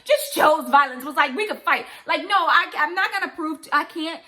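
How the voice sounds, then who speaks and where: A woman's voice: high-pitched, moderate pace, bright, forceful tone. A young woman, ranting emphatically and repeating herself in a vlog to camera. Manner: impassioned, repetitive, emphatic ranting. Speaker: vlogger. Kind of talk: direct-to-camera commentary vlog.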